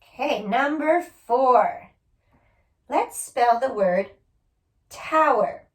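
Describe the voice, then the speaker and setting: A woman's voice: fairly high pitch, lively intonation, extremely slow, echoey room. A woman teacher giving a spelling lesson to children, patiently sounding out each word letter by letter.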